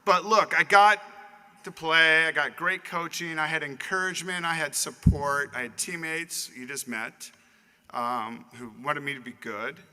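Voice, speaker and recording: Unhurried and smooth, this man's voice sits on the high side with a sharp edge. A Hall of Fame inductee in his fifties from Southern California, he gives a chatty dinner acceptance speech and calls out to people in the audience, recorded with the long reverb of a banquet hall.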